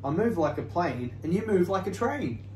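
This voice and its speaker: Man voicing a bright little sparrow girl. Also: sits high, sing-song, normal speed, echoey room, distant mic, a little hiss or hum, voice pushed up, rough recording. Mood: upbeat. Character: cheerful young female sparrow, clever.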